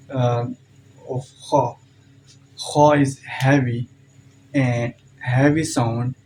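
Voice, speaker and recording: A man's voice: medium pitch, darkish tone, slight background noise, rough recording. A man teaching beginners how to pronounce letters, hesitant, with many fillers and repeated okays. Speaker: Quran teacher. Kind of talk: slow beginner lesson.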